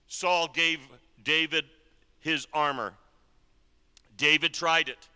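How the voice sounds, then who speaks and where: A man preaches to a congregation with a crisp, resonant voice that has a hard, bright edge. He tells his story with shifts between hushed and emphatic passages. His words trail into the long echo of a church hall. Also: fairly high pitch, steady tone, slow. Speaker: guest preacher. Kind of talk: sermon storytelling.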